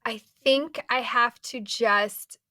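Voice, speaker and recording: A woman's voice: on the high side, slow pace, no echo, clean studio sound. A woman co-hosting a podcast who is a mother of five, giving emphatic advice in casual chat. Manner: emphatic, animated advice-giver.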